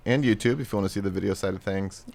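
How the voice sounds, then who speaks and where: Deep gravelly man, joking and laid-back. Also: very fast, a little mellow. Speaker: guest, video producer. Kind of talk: casual chat.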